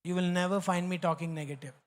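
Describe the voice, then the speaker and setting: A man's voice: sits high, steady tone, fast talker. A man with an Indian English accent, a pastor preaching a sermon in an emphatic, repetitive way, slipping into Hindi.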